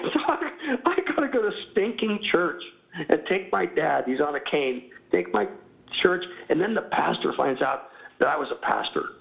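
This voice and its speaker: A man's voice: sits high, big pitch swings, moderate pace, vocal fry, dull audio. A man in his sixties, a former pastor, talking candidly and self-mockingly as an interview guest, often laughing. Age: 60s.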